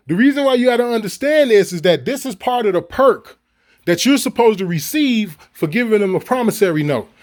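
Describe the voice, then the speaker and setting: High-voiced, profane man ranting. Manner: profane, heated, repetitive. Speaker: video creator. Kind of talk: ranting monologue to viewers.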